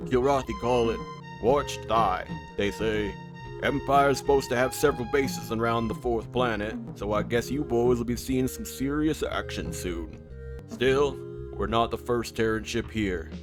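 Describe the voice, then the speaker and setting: A man's voice: mid-range voice, unhurried, over music, lightly acted. A man voicing a chatty, easygoing male starship bartender in a game playthrough.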